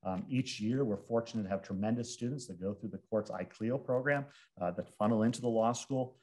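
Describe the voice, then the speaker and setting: Host for a ceremony: a man giving a formal introduction with a slightly husky voice. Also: lowish voice, a little fast, darkish tone. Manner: formal, reads credentials, occasional fillers.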